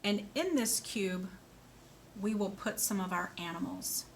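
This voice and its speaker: A woman speech therapist giving a slow, clear lesson to a young child, praising answers and asking simple questions. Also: medium pitch, a little hiss or hum. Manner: slow, clear, sing-song and encouraging, with animal sounds.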